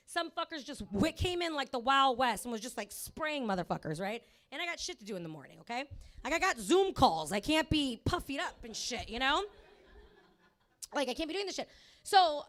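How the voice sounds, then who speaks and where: A woman's voice: high voice, fairly bright tone. A woman in her thirties doing a rambling, profane stand-up set at a comedy club, full of fillers.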